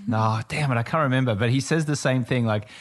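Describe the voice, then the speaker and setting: Male guest, Australian accent, casual podcast chatter, laughs a lot while telling stories. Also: medium pitch. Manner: laughs often, quick animated storytelling. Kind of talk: casual chat.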